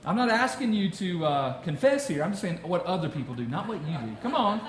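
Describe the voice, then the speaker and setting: High-pitched guy preaching, lively and chatty, roomy hall sound. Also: a little fast, a little hiss or hum. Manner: animated, conversational preaching with repeated words. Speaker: pastor. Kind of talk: sermon.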